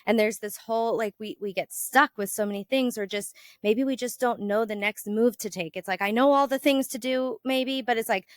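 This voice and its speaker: A woman's voice: moderate pace, few pauses, no echo, studio quality. A woman hosting a health podcast in casual conversation, telling stories animatedly and acting out quoted exchanges, with frequent "like" fillers. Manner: animated storyteller, acts out quoted exchanges with sudden lifts in pitch and volume. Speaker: podcast host and health coach.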